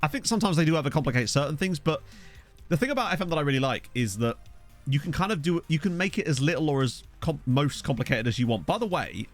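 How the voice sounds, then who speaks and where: Over faint background music, a young streamer plays a football management game and chats casually into a desk USB mic, reasoning out loud and thanking viewers. His voice is fairly high-pitched and animated, and he speaks at a quick pace.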